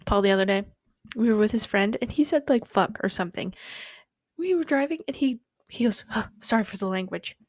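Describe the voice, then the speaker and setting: A young woman in her twenties chatting casually and fast, rambling with sarcastic, sweary asides, speaking into a mic held close to her mouth. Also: mid-range voice, lively intonation, no echo. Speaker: vlogger. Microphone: close mic held near the mouth.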